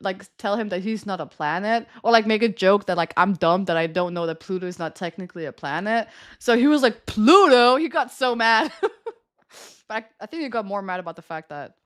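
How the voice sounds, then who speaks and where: A woman's voice: medium pitch, a bit bright, smooth. A young woman streamer with a slight lisp from her retainer, chatting to viewers in a rambling, giggly way. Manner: giggly, rambling storytelling with many fillers. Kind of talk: casual chat to stream viewers.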